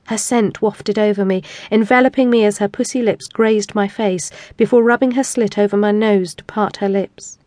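A woman narrates an audiobook in the first person, her pitch sitting in the middle range. She reads in a steady, measured way. The recording is dry and close, with no room sound. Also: dry recording.

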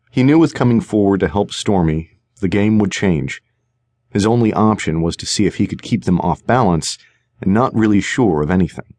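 A man narrating a suspense audiobook in a measured, tense manner. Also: low voice, lively intonation, darkish tone, no echo. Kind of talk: scripted narration. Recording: dry studio recording.

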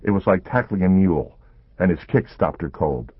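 A man narrating a thriller audiobook in a measured, suspenseful way. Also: low voice, lively intonation, breathy edge, no echo. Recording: narrow phone-like sound.

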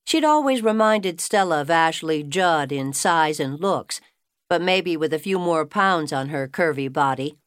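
A woman's voice: low-pitched, expressive, measured pace, dry recording. Woman narrating in a dry booth. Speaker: audiobook narrator. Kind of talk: scripted narration.

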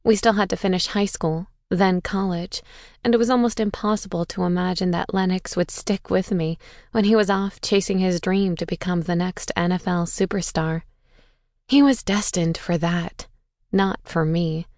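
A woman's voice: lowish voice, fairly even intonation, moderate pace, darkish tone, no echo, studio quality. A woman reading a first-person audiobook with an intense, bitter, dramatic delivery. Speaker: audiobook narrator.

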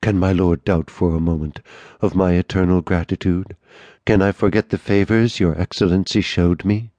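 A frightened middle-aged notary, as a man voices him in a storybook reading, begs and trembles in a gloomy, subdued way. The voice is very low and is recorded dry and close, with no room sound. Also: steady tone, normal speed, mellow, dry recording, close to an everyday voice. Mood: fearful. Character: terrified male notary about fifty, humble and pleading.

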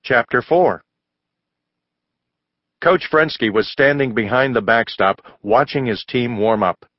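A man reading a children's storybook aloud, narrating in a lively way and raising his voice for the characters. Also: measured pace, dry recording, lo-fi sound. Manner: raises pitch for child and mother voices. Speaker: audiobook narrator.

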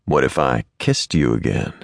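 A man voicing a rough outlaw cowboy with a slow drawl in a Western audiobook. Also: rumbling low, expressive, dry recording, studio quality, voice pushed down, full character voice. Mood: teasing.

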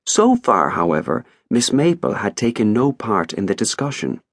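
A man narrating an audiobook in an expressive, wry storytelling manner. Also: fairly low pitch, moderate pace, no room sound, studio quality. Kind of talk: scripted narration.

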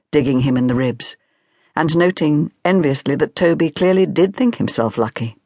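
A woman narrating a comic audiobook in a wry, measured storytelling manner on a close studio mic. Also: low voice, darkish tone, no room sound.

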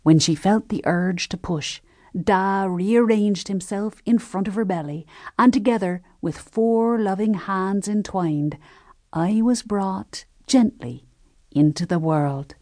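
A woman narrating a historical novel as an audiobook, telling the story in a measured, gentle first-person voice. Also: mid-range voice, dry recording, studio quality.

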